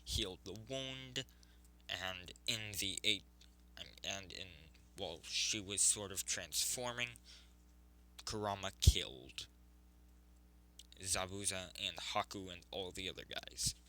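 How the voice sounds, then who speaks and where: A man's voice: sits low, expressive, slow, pushed and bright, low-quality recording. A man improvising a fan story narration, rambling with frequent self-corrections.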